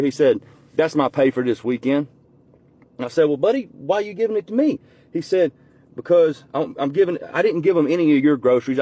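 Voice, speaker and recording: A man telling a personal story in a casual, folksy way, swearing now and then and going quiet and soft at the emotional parts. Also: dry recording. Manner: folksy, swears casually, voice drops low and soft when moved. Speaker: storyteller uncle.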